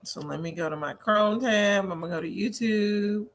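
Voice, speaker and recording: A woman's voice: mid-range voice, moderate pace, slight background noise. A woman hosting a casual gossip chat over a video call, chatty, easily amused and a little tipsy. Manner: chatty, easily amused, fumbles with screen sharing. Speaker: show host.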